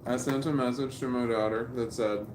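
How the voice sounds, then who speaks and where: A man's voice: mid-range voice, steady tone, moderate pace, darkish tone, far from the mic. A man in his fifties talking casually to camera at home in a rambling, self-talking way. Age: 50s. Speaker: vlogger. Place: at home indoors. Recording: echoey room with background noise.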